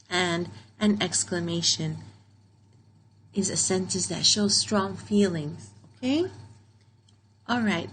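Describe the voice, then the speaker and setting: A woman's voice: lowish voice, a bit bright, slight background noise, rough recording. A woman teaching a grammar lesson to young learners, patiently repeating key points and checking in with "okay?" as she goes.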